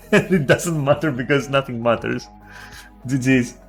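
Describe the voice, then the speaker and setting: Animated, swearing male game streamer. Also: mid-range voice, normal speed, soft background music. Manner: animated, swears a lot, restarts. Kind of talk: casual ranting chat on a stream.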